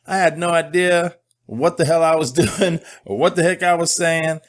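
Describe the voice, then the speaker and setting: A candid middle-aged man hosts a casual monologue, telling a story in a joking, animated way. His voice is fairly high, and he speaks at a moderate pace.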